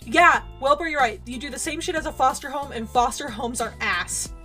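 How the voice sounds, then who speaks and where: A woman's voice: high-pitched, fairly quick, pushed and bright, soft background music. A young adult woman streamer, ranting outspokenly and swearing while commenting on a game. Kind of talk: casual gameplay commentary and ranting.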